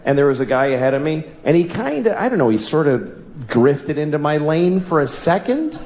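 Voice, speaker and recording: A man delivers a stand-up set in a large, echoing hall, and audience laughter rises behind him. His fairly high voice swings widely, from a low, exasperated mutter up to yelled punchlines. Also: sing-song, fairly quick, slight background noise. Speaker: stand-up comedian. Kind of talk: stand-up comedy routine.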